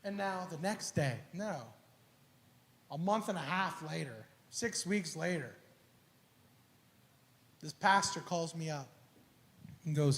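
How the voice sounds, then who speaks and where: A man preaching a sermon, telling a personal story in an animated, casual way full of slang and acted-out dialogue. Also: on the high side, slow, pauses often. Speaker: pastor. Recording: echoey church hall.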